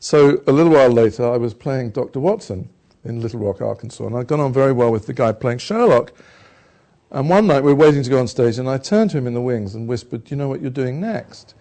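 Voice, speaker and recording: An older British man, an actor from England, telling rambling, self-deprecating stories in a relaxed conversation. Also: mid-range voice, fast. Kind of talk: conversational storytelling.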